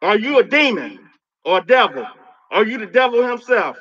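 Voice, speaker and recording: A man's voice: sits high, sing-song, normal speed, a bit bright, husky. A man on a live stream cursing and taunting at a spirit, confrontational and profane, often repeating words as he gets worked up, heard through a phone mic. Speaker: livestreamer addressing a spirit. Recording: dull lo-fi stream audio.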